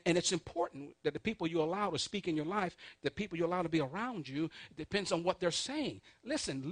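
A man preaching a sermon, leading call-and-response and repeating key points slowly and emphatically. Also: a little high, dry recording. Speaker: pastor leading a Bible study.

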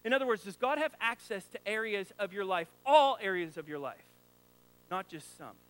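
A man's voice: high voice, lively intonation, normal speed, fairly bright tone, clean tone, low-quality recording. A man preaching a sermon as a pastor, in a conversational, joking style, full of rhetorical questions to the congregation.

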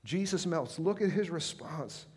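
A middle-aged man preaching a sermon, impassioned, swelling to loud pleading when he acts out prayers. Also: fairly high pitch, lively intonation, unhurried, breathy edge.

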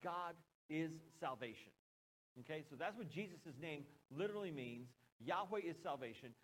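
This American-accented man preaches a sermon as pastor at normal speed, his fairly high voice expressive and fairly bright. The recording is rough, and he keeps it conversational with joking asides and questions to the congregation.

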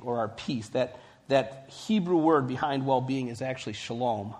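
A man preaching a sermon in a conversational style, building to emphatic points and dropping to quiet, hushed lines. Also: medium pitch, normal speed. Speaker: pastor.

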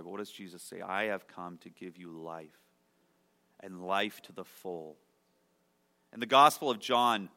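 A man preaching a sermon as pastor, emphatic, moving between loud declarations and hushed, quiet passages. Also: on the low side, big-room sound.

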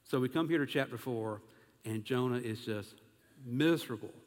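A man preaching an animated sermon as pastor, asking his congregation questions as he goes. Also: mid-range voice, moderate pace, long reverb tail.

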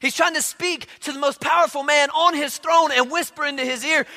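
Man, pastor, sermon, very high voice, conversational, repeats words, large hall reverb. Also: steady tone, a little fast, bright, forceful tone. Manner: conversational storytelling with frequent word repeats.

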